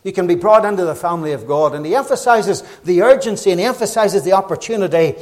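A middle-aged man with a Northern Irish accent preaching a gospel sermon, fervent and urgent, rising loud then dropping low. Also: lively intonation, fast. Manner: fervent, urgent preaching with rises and quiet drops.

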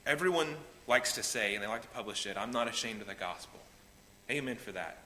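A male pastor preaching with passion, his voice bright and ringing. He swings from loud pleading down to hushed, quiet lines. The sound carries a long hall reverb with a faint hiss underneath. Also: on the low side, lively intonation, fairly quick. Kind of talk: sermon. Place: church sanctuary.

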